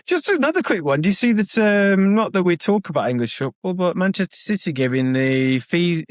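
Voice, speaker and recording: A man co-hosting a podcast, telling an anecdote in an excitable, animated way. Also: sits high, fairly quick, no room sound, studio quality. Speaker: podcast co-host. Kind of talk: casual anecdote-telling chat.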